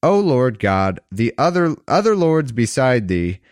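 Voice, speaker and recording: A man's voice: medium pitch, sing-song, measured pace, a little mellow, no room sound, clean studio sound. A man reading scripture aloud, breaking off with wry, casual asides. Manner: wry asides between verses.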